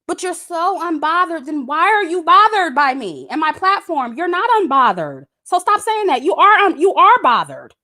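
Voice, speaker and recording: A woman's voice: extremely high pitch, very animated, normal speed, few pauses, pushed and bright. Woman; casual, blunt commentator who curses freely and repeats her points for emphasis. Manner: blunt, cursing, emphatic and repetitive. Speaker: YouTube commentator. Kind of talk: casual direct-to-camera rant.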